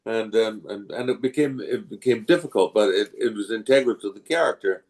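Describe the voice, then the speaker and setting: A man's voice: on the low side, a little fast. An older man from England, a guest voice actor telling stories in a casual interview and slipping into character voices. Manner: animated storyteller who slips into voices.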